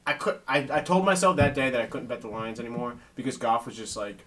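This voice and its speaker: A man co-hosting a casual sports betting podcast, a profane storyteller who gets animated in his tales. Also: mid-range voice, fast talker, distant mic. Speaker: podcast co-host.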